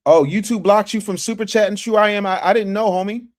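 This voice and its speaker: A man's voice: high voice, fairly even intonation, fast talker. A man hosting a casual livestream, talking to his chat in slang and reading out super chats from his office. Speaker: livestream host.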